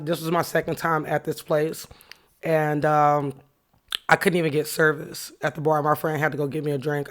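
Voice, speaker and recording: A woman hosting a podcast, candidly retelling a heated run-in and reflecting on what it taught her. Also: low voice. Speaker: podcast host. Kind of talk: casual personal storytelling with a lesson.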